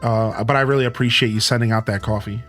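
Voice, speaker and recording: A man's voice: lowish voice, fairly even intonation, fast talker, a bit bright, faint music behind. A man giving casual, chatty live-stream commentary on a game he is playing, talking to his viewers. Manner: casual, chatty, talks to chat.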